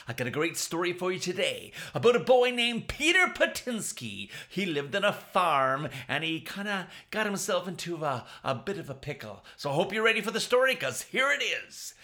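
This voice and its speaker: A man hosting a show, telling a silly comic story to kids in a playful, animated way. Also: high voice. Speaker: storyteller host.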